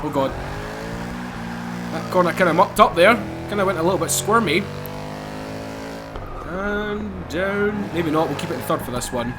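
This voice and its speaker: Excitable male gamer, high voice, gameplay commentary with game music behind. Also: fairly quick. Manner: excitable, laughing, exclamatory. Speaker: gaming YouTuber.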